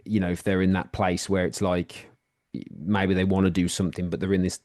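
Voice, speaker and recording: Guy hosting a podcast, low voice, dry close mic, lots of yeah and mm. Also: little pitch movement, a little fast, darkish tone, dry recording. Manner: friendly, short affirmations, rambling questions. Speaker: podcast host, interviewer. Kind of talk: casual interview.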